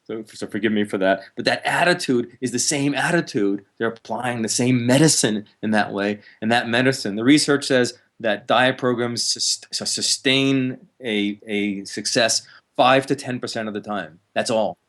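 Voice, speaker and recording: A man, a counselor, talks as an interview guest, explaining with lively energy, laughing now and then and acting out harsh inner voices. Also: mid-range voice, moderate pace. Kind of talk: explanatory conversational talk.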